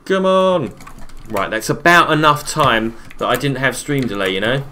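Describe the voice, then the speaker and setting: A man with a bright, forceful voice talks through a live game stream, reading chat messages out and replying in a relaxed, chatty way, often repeating himself. Soft keyboard typing sits faintly behind him. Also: mid-range voice, normal speed, a little hiss or hum. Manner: reads chat messages aloud and answers viewers between play calls; relaxed, chatty, repeats his own phrases. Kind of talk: casual live-stream commentary while gaming.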